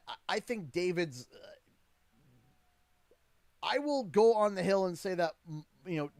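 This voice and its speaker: A man's voice: medium pitch, a little mellow, dry recording. A Canadian man in his thirties, a father and streamer, telling a story in a casual livestream, rambling with many restarts and growing exasperated.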